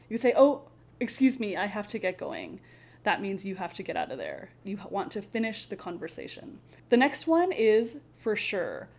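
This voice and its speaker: Female English teacher, casual and friendly, laughs a lot, plays out sample dialogues, mid-pitched voice. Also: darkish tone. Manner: friendly, laughs often, acts out example dialogues. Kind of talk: casual spoken English lesson.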